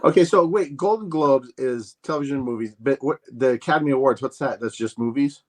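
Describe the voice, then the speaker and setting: A man's voice: mid-range voice, fairly quick. Laid-back middle-aged male co-host. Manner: laid-back, asks lots of questions. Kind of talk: comedic casual chat.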